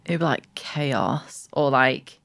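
Giggly woman guest, very low voice. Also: takes it slowly, creaky, a bit bright, dry recording, studio quality. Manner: bubbly, giggly, lots of fillers. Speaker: guest, business founder. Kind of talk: casual interview chat.

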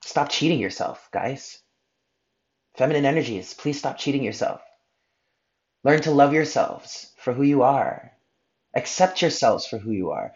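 A man's voice: mid-range voice, animated, measured pace, pauses often, dull audio. Earnest man giving a tarot reading. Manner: earnest, heartfelt, blunt at times. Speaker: tarot reader. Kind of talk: spiritual tarot reading monologue.

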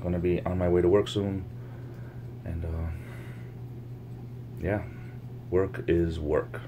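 A man with a very low voice talks loosely to his viewers, wandering from thought to thought and circling back on the same phrases. He makes up words now and then. A faint hum sits under the recording. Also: level tone, slow, narrow, tinny audio. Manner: meandering, repeats phrases, coins words. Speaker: YouTube vlogger. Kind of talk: casual rambling monologue to camera. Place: home, near the laundry.

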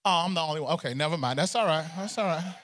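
Animated man preaching a sermon. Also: fairly high pitch, very fast. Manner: animated, conversational preaching with humor and repetition. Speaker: pastor.

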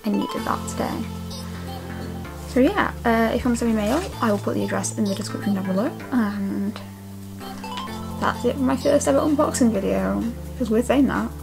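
Young woman vlogger, slightly high, excitable, gushing; music plays clearly behind her. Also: normal speed, rough recording. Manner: gushing, excitable, many "oh my gosh". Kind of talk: casual mail-opening vlog.

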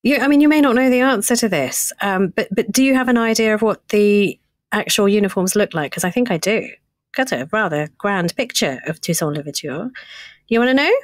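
A woman's voice: medium pitch, fairly quick, dry recording, studio quality. A woman co-hosting a history podcast, chatting conversationally and putting questions to her co-host. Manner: conversational, asks questions, lively. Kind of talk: casual history chat.

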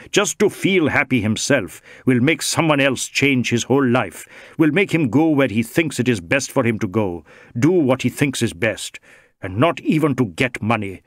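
A man's voice: mid-range voice, animated, a little slow, no room sound, clean studio sound. A man voicing a tall, scornful man who tries to bribe a police inspector, wheedling and contemptuous by turns.

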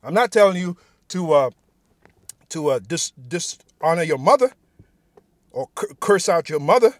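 Dude preaching casual-style, kinda high voice, swears a lot, keeps saying man, no room echo. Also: animated, unhurried. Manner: blunt, profane, keeps adding "man". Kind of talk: informal sermon with scripture reading.

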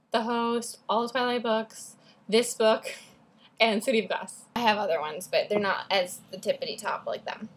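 A teenage girl talking about books in a bubbly, chatty vlog, often drifting off topic, recording at school. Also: on the high side. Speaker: book vlogger. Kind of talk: casual book talk vlog.

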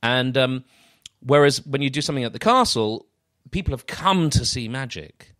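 A man's voice: medium pitch, animated, moderate pace, a bit bright, no room sound, clean studio sound. A man hosting a podcast, a fellow magician who talks reflectively and often restarts his sentences. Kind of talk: casual podcast conversation.

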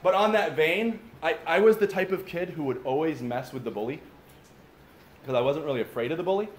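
Speaking on the high side and at a brisk pace, a man preaches casually to the fathers and sons at a camp gathering, addressing them directly and adding asides. He's a pastor, and the echoey recording carries faint ambience plus a little hiss or hum.

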